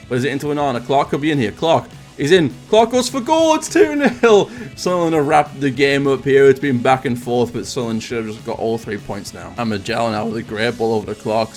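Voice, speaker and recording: A man commentating on video game football highlights, getting loud and excited at goals. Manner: excitable, rising sharply on goals. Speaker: gaming commentator.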